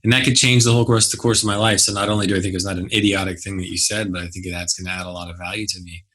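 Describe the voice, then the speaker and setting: A man's voice: low voice, steady tone, very fast, pushed and bright. A man being interviewed as a guest, speaking casually and acting out his own reactions when he tells a story. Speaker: guest, business mentor. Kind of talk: conversational interview.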